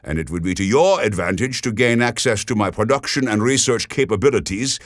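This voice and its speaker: A man voicing a suave, persuasive German businessman with a German accent, speaking politely and smoothly. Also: on the low side, expressive, brisk, no room sound, studio quality, voice pushed up, lightly acted. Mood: courteous.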